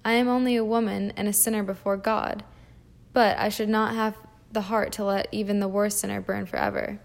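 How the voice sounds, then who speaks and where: A woman's voice: mid-range voice, flat delivery, a little fast, gravelly, natural voice. Woman reading as a pastor's troubled wife.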